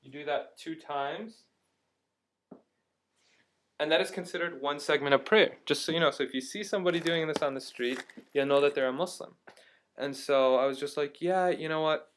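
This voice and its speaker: A young man casually telling a story to his camera at home, chatty and animated, with many fillers. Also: fairly high pitch, normal speed, pauses often, slight background noise. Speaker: vlogger.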